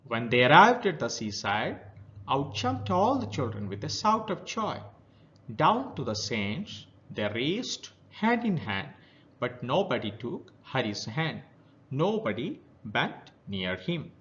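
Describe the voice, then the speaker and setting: A man's voice: mid-range voice, big pitch swings, takes it slowly, a bit bright, muffled recording, a little hiss or hum. A male teacher with an Indian English accent who reads a children's story aloud and then retells each passage in simple words. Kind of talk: reading a story aloud and explaining it.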